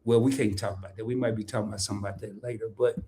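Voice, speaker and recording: A middle-aged man hosting a casual live stream, talking in a playful, animated way and laughing often. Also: on the low side, very fast. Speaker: host.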